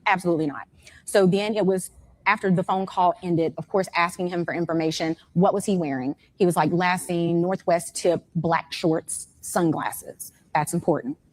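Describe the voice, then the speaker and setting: A woman's voice: fairly low pitch, normal speed. A woman in her forties, the mother of a missing young man, giving an emotional first-hand account in an interview and acting out what others said to her. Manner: animated storytelling that acts out the other people's words.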